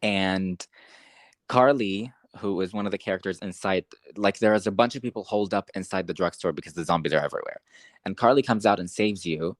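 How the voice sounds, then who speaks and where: A young man co-hosting a podcast, talking casually with lots of fillers, rambling and getting excited. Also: low-pitched, a little fast, no echo. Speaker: podcast co-host. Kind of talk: casual chat.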